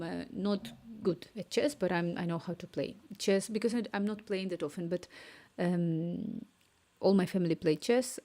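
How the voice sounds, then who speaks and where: A woman developer chats casually on a livestream from home while she codes, her voice low, dark, and slow. She thinks aloud as she works, murmuring and whispering to herself.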